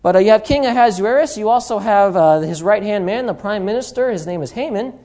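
A male preacher at an evening church service talks in a mellow, soft-toned voice. He rambles with lots of fillers and works humorous asides into his sermon. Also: high voice, lively intonation, a little fast. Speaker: guest preacher.

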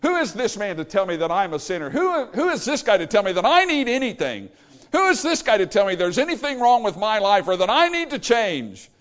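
A man's voice: sits high, big pitch swings, brisk, a bit bright, voice pushed up. A preacher voicing a proud, indignant king. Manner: indignant rhetorical questions.

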